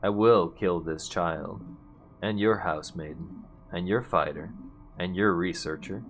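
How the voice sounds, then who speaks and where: A man voicing a cruel male king villain in a game, speaking slowly and low with threats. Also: a bit bright, soft background music. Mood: menacing. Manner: slow, low, threatening delivery. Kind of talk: video game voice-over reading.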